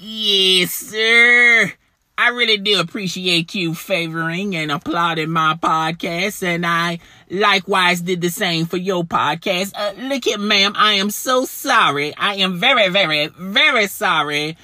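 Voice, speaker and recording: A man with a high, very bright and cutting voice leaves a casual voice message for another podcaster. He sounds polite and apologetic, slipping into easygoing slang. The recording is close and dry, with no room sound. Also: unhurried, no room sound. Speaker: fellow podcaster leaving a voice message.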